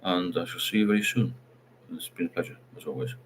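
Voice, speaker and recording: A man's voice: low-pitched, animated, fast, noisy background. A middle-aged man, hosting a casual livestream chat and rambling while he reads out viewer comments. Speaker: livestream host.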